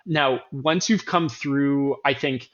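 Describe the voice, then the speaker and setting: A man's voice: mid-range voice, slow pace, a bit bright. Earnest man on slightly dull audio. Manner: earnest, self-correcting, emphatic repetition. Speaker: running coach host. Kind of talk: casual podcast talk.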